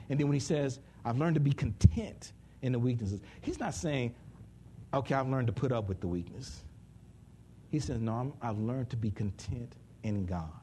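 A man preaching a sermon in an animated way, jumping from loud high bursts to hushed asides, with speech. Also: a little hiss or hum.

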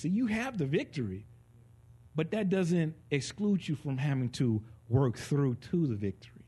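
A man preaching a conversational sermon. He is animated and joking, and swings between soft and loud delivery. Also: a little high, normal speed, slightly rough.

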